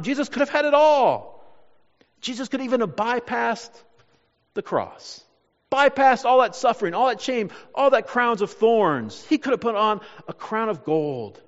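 A man preaching a sermon in a church. He preaches dramatically, pausing on key words and acting out the voices he quotes. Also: high-pitched, sing-song. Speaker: pastor. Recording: dull sound, long hall reverb.

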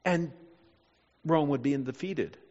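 A man preaching a sermon in a church. He preaches dramatically, pausing on key words and acting out the voices he quotes. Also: on the high side, a little mellow. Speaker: pastor. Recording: dull sound, long hall reverb.

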